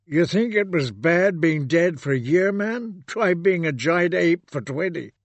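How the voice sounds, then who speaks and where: Eager, chatty fellow played by a male reader, a former ape turned mimic, talking on and on in a dry, close storybook reading. The voice sits a little high for a man. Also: expressive, unhurried, dry recording. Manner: eager, rambling.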